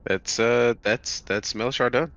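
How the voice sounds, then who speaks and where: A man's voice: mid-range voice, a little slow, fairly bright tone, dull audio. A man playing a tabletop game, animatedly describing his character's moves. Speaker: player.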